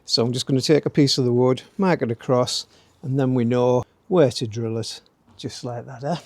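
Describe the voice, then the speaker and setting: Outdoors in his garden workspace during light rain, a middle-aged DIY channel host gives casual how-to narration. His medium-pitched voice is steady, moderately paced, and a little mellow, with no room sound, and he's chatty and jokey with tag questions like "eh?" and "don't you?"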